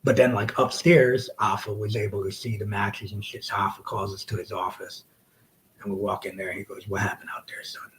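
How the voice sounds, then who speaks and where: A man's voice: on the low side, little pitch movement, fairly quick, a little hiss or hum. A man who wrestles, telling a story to a podcast host in a casual, profane way. He acts out the quotes and sometimes drops to a whisper.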